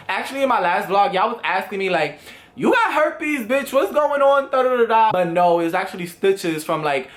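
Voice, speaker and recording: A young man telling a storytime vlog in a casual, animated way, full of swearing and acted-out quotes. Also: sits high. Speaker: vlogger.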